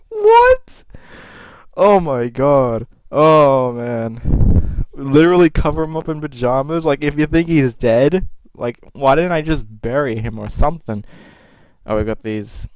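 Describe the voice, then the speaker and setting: Young guy, smooth and clear, dry close sound; casual reaction commentary, cussing and laughing at himself. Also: mid-range voice, measured pace, no room sound, rough recording. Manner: self-mocking, swears freely, exasperated outbursts. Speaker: YouTuber reacting to his old videos.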